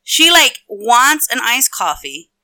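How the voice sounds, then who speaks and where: A woman's voice: a little high, sing-song, slow, pushed and bright. A woman telling an exasperated, profane story in casual chat as a podcast co-host.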